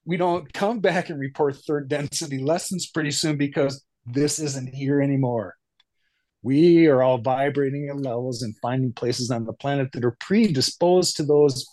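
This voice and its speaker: A man hosting a casual spiritual discussion on a video call, rambling and thoughtful, with many pauses and ums. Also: mid-range voice, a little mellow, no echo.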